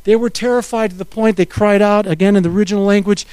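A middle-aged male pastor delivers a sermon in a notably high voice. He is dramatic, leaping from near-shouts to hushed, intimate tones. The recording is close and dry, with no room sound. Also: steady tone, quick pace, clear, resonant tone, no echo.

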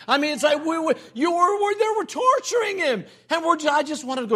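A man's voice: extremely high pitch, a little fast, hardly any pauses. An older man preaching a sermon, telling stories and repeating phrases for emphasis. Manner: animated storytelling with emphatic repetition. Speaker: pastor.

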